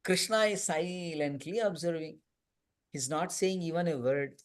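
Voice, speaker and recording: A man's voice: on the high side, unhurried. A man teaching a youth scripture class in a conversational storytelling manner, often adding "you know" and "right?". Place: temple hall.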